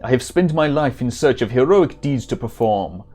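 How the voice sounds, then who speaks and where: A man's voice: medium pitch, animated, moderate pace, warm tone, close to an everyday voice. A man voicing a stern, earnest adult male warrior with a put-on German accent and formal old-style speech.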